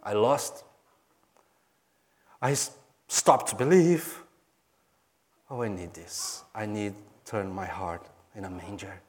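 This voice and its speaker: A pastor from Brazil, speaking in Portuguese-accented English, tells a story earnestly during a sermon, his phrasing halting and non-native. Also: on the low side.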